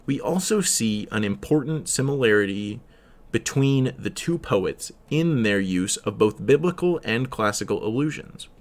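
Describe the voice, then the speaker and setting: A man's voice: mid-range voice, expressive. A teenage boy reading poetry and study notes aloud, stumbling over words and correcting himself with frequent fillers. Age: teens. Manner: slow sing-song delivery on verse lines. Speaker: student reader.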